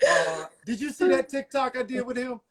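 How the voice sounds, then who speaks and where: A man's voice: very high-pitched, normal speed, crowd noise. A man in his forties from Virginia, a guest telling playful stories in a casual interview over a video call. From Virginia, USA. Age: 40s. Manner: playful, animated storyteller.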